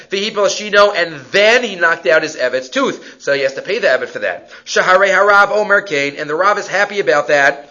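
A man leads a Talmud class, quickly citing sources and asking rhetorical questions. His voice sits a little high. The recording sounds dull and lo-fi. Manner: animated, quick Hebrew-Aramaic citations, rhetorical questions. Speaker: Talmud teacher.

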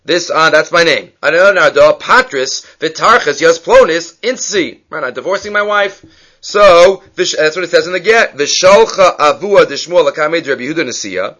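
A man teaching a text-study lecture, lively, often checking in with "right?" and acting out the people in his stories. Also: on the high side, moderate pace. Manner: lively, questions the listener with frequent "right?"; acts out quoted speakers in the stories he tells. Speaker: Talmud teacher.

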